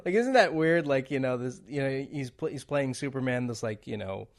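A man's voice: mid-range voice, expressive, normal speed, vocal fry. Chatty man with easy laughs. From a non-English-speaking country. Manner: laughs often, many fillers and restarts. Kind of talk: casual chat.

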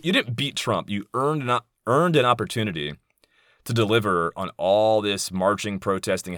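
A man in his thirties talks straight to his podcast audience in a loose, unscripted monologue. His voice sits low but comes out bright and forceful, with a dry, close sound. He is candid and blunt, swears without hesitation and drifts into asides. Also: no room sound. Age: 30s. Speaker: podcast host. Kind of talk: casual monologue.

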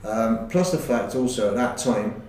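A middle-aged man and former footballer, recalling his career in a halting, rambling way with many fillers. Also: mid-range voice, darkish tone, slight background noise. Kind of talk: casual interview chat. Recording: roomy, distant recording.

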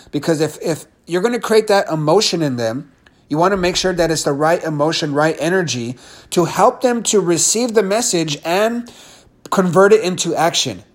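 A man teaching leadership communication in an energetic, emphatic way, acting out shifts in tone as he explains. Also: a little high. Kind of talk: teaching talk to camera.

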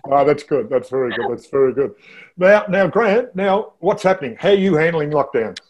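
A man's voice: on the high side, expressive, normal speed, a little mellow, dull audio. A man hosting an interview show, chatty and enthusiastic, often restarting sentences. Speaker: host.

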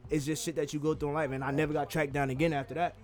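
A man talking fast and loosely in casual podcast chat, full of slang and fillers. His voice sits a touch high for a man. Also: flat delivery, a crowd in the background.

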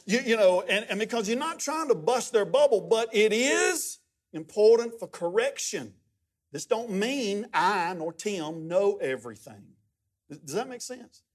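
A middle-aged man preaching as a guest pastor, telling stories in a lively, humorous way. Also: high-pitched, a little slow. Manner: animated, humorous storytelling with many restarts. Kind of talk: sermon.

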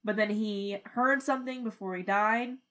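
Swearing freely and laughing often, a young woman keeps up lively, casual chat as a podcast co-host. She has a medium-pitched voice and an unhurried, moderate delivery.

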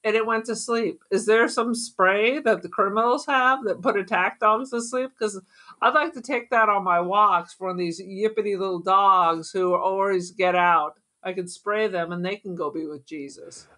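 A woman's voice: medium pitch, normal speed, pushed and bright. A woman co-hosting a podcast, chatting casually with wry, sarcastic humor. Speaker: podcast co-host. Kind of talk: casual chat.

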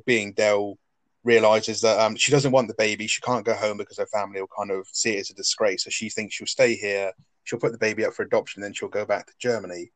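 A man's voice: lowish voice, no room sound. A man chatting casually on a podcast, rambling with lots of fillers. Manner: rambling, filler-heavy, laughs often. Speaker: podcast co-host. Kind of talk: casual chat recapping a sitcom episode.

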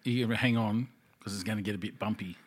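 A man's voice: on the low side, fairly quick, slightly rough. An Australian man co-hosting a podcast, telling stories in casual, sweary chat. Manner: sweary, animated storytelling. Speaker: podcast co-host.

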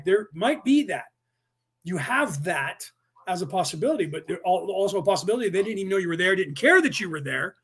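A man's voice: high voice, sing-song, a little fast, a bit bright, breathy edge. A man in his fifties hosting a podcast, talking through his ideas in a rambling casual lecture full of fillers and restarts. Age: 50s. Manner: acts out angry drivers in quoted outbursts. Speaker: podcast host.

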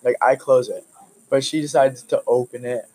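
A young man co-hosting a casual chat, laid-back and quick to chime in. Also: mid-range voice, steady tone, a little mellow, a little hiss or hum, low-quality recording. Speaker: co-host.

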